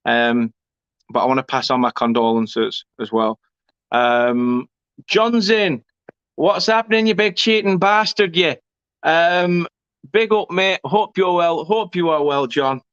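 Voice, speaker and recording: A man's voice: on the high side, slow, fairly bright tone, smooth. A young man chats through viewer comments on a live football stream, full of cheeky banter and the odd swear. His voice comes through a dull, muffled mic in a dead, dry room, with no echo around it. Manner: chatty, banter-filled, swearing, laughing asides. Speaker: fan channel host. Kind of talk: casual live-stream chat reading comments.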